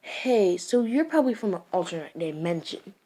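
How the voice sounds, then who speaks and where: A woman voicing a brash genius inventor man, asking quick, excited questions in a casual retelling. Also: mid-range voice. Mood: curious.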